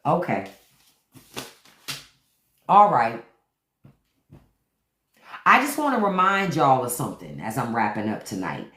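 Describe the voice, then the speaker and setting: Woman host, unfiltered livestream rant, animated pitch, swears freely, echoey room sound. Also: slow pace, long pauses. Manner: blunt, profane, talks straight to viewers; repeats key words for emphasis.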